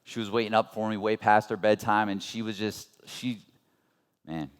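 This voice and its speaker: A man in his thirties gives an earnest, conversational motivational talk at a business seminar, asking the audience rhetorical questions. His voice is on the low side, clear and resonant, with a level tone and a normal speed.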